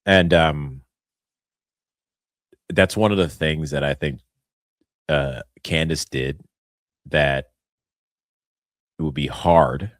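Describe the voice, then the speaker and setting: Very deep-voiced man, earnest chat host. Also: slow, long pauses, no echo, clean studio sound. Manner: earnest, laughs often, short agreeing interjections. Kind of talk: casual political chat.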